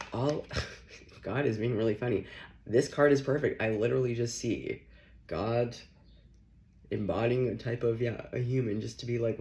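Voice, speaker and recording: A man's voice: medium pitch, darkish tone. A young man giving a casual, playful tarot reading, often laughing as he talks. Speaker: tarot reader.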